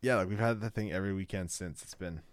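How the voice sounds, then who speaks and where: A man's voice: sits low, fast talker, no echo. A man co-hosting a casual chat, rambling with lots of "like" and restarts.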